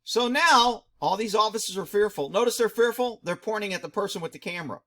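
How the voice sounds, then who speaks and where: A man's voice: high-pitched, lively intonation, fairly quick, raised voice, noisy background. Indignant middle-aged man ranting. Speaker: commentary host, former police dog handler. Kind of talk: angry video commentary.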